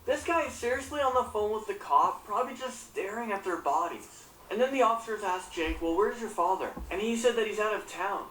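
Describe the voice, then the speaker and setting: Speaking briskly and with animation at a medium pitch, a woman commentator retells a news story and responds with outrage and frequent profanity. She sits far from the microphone, so the sound is roomy and echoey with a faint hum.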